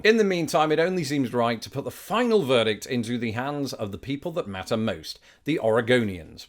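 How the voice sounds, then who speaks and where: British male vlog host, playful and self-mocking, swoops up and down a lot in pitch. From Britain. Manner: wry, theatrical, self-mocking. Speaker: YouTube host. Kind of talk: scripted comedic vlog monologue.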